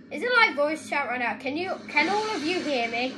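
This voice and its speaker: A young woman giving excitable gaming commentary, often yelling at other players. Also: high-pitched, normal speed, few pauses, rough recording. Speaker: gaming video creator. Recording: gameplay with music behind.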